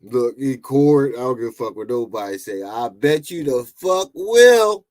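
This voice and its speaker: A man's voice: mid-range voice, expressive, unhurried, a little mellow. Mocking, laughing man reacting to a clip. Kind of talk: reaction commentary.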